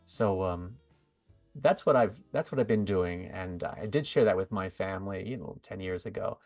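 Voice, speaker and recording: A middle-aged man from the USA chats through an interview with a lowish voice. He wanders between thoughts and often restarts his sentences. The sound is dry and close, with faint music in the background. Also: moderate pace, darkish tone, no echo. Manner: chatty, rambling with fillers and self-corrections. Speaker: guest, psychic medium. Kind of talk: casual interview chat.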